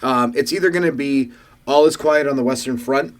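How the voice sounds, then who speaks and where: A man's voice: mid-range voice, fairly quick. A man co-hosting a casual podcast, laid-back and trailing off mid-thought. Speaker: podcast co-host. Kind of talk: casual chat.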